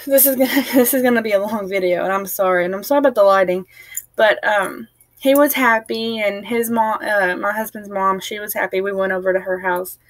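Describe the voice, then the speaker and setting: Young woman, tired, chatty, rambling, laughing, casual vlog, mid pitch, dry. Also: no echo. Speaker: family vlogger. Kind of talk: casual storytelling to camera.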